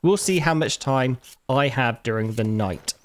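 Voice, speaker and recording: Chatty man narrating his gameplay. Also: a little slow. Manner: chatty, talks to game characters, mock outrage in sudden high bursts. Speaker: gaming YouTuber. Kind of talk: casual gameplay commentary.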